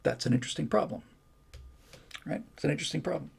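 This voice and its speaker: Male livestream host, slightly high voice with heavy fry, rambling and chatty. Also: quick pace. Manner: rambling, chatty, with many restarts and fillers. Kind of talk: casual livestream Q&A.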